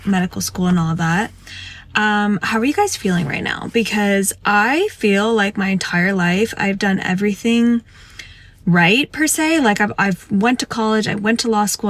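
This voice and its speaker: A woman, a lawyer, venting earnestly and with frustration to her viewers. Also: medium pitch. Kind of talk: casual social media vent.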